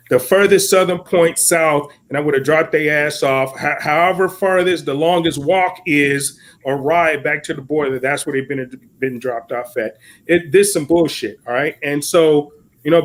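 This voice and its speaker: An American man co-hosting a podcast, delivering heated political commentary in an angry, profane rant. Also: a little high. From United States. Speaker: podcast co-host.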